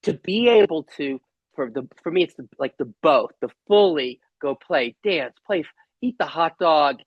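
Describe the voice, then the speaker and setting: A man with a slightly high, husky voice hosts a casual spiritual conversation over a video call. He talks earnestly and haltingly, often restarting his sentences. The audio is dry and a little muffled. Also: animated, no echo. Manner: earnest, halting, many restarts, breaks into laughter. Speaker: host.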